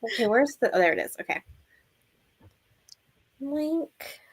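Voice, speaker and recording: A woman's voice: high voice, very animated, a little slow, slightly rough. A woman hosting a live book club stream, chatting casually with lots of laughs and fillers. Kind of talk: casual livestream chat.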